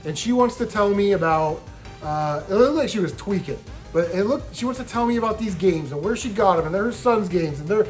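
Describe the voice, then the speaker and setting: A man's voice: sits high, brisk. Guy vlogging his garage sale finds, chatty and blunt, does little voices for people, some music behind him. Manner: animated, swearing, mimics people in his stories. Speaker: video game reseller. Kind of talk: casual storytelling vlog.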